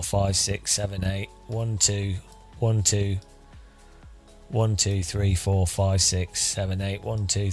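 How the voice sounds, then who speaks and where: A man streaming live, testing and adjusting his studio microphone, joking wryly as he counts into it close up. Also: fairly low pitch. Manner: rueful, joking, counting into the mic.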